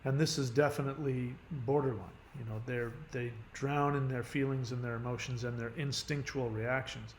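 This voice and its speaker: A man's voice: mid-range voice, steady tone, normal speed, few pauses, reverberant. Rambling middle-aged man with faint background noise. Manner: rambling, restarts often, many "you know"s. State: has a headache. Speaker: channel host giving advice. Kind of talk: casual monologue.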